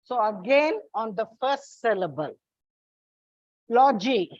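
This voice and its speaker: A woman's voice: high voice, lively intonation, slow pace, no room sound, highs cut off. A woman teaching English word stress, spelling out endings letter by letter and repeating each example word. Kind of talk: classroom lesson on word stress.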